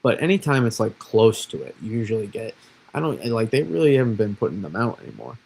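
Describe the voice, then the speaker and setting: A man's voice: on the low side, very animated, fast talker, gravelly, a little mellow, husky, low-quality recording. A man from Massachusetts, an amateur weatherman, rambling casually through forecast models on a livestream. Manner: rambling, self-deprecating, restarts often. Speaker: weather streamer.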